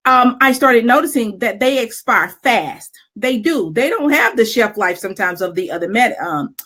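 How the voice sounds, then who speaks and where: A middle-aged woman with a fairly high voice and moderate pace shares a personal story during a casual conversation. She's candid and lively, laughing often and using plenty of fillers.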